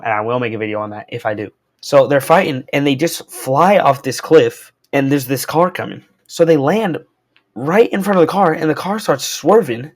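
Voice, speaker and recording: Slangy, excitable young man reviewing comics. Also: mid-range voice. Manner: slangy and excitable, lots of "bro" and "like". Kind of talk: casual comic read-through and review. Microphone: wearing a corded mic while walking around.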